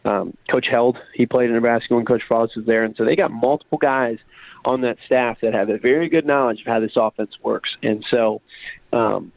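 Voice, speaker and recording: A man's voice: mid-range voice, steady tone, moderate pace, gravelly, no room sound. A man, a former college football player, calling in to a sports talk show and talking in long, rambling answers full of fillers and restarts. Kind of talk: casual phone-in sports talk. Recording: tinny phone line.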